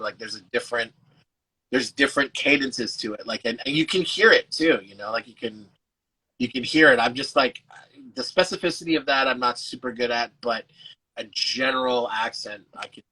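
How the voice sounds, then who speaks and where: A man's voice: medium pitch, normal speed, bright, forceful tone, slightly rough, rough recording. A man, an actor guest, chatting casually over a video call, loose and full of fillers and restarts, with the odd swear. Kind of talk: casual chat.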